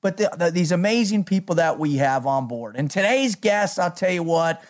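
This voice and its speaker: A man's voice: high-pitched, expressive, normal speed. A man hosting a podcast, talking in a hyped, motivational way and laughing often. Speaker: podcast host. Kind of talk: energetic podcast chat.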